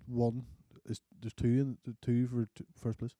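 A young man, co-hosting a casual podcast chat and swearing freely as he gets animated. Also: medium pitch, moderate pace, dry recording. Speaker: podcast co-host.

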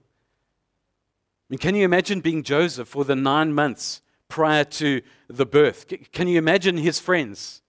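Man, pastor, sermon, vivid storytelling, rhetorical questions, slightly high voice. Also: a little slow.

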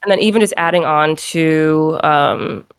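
A young woman from Rhode Island with a New England accent, co-hosting a casual chat and telling stories with animated put-on voices. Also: low-pitched, unhurried, smooth, no room sound. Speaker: co-host.

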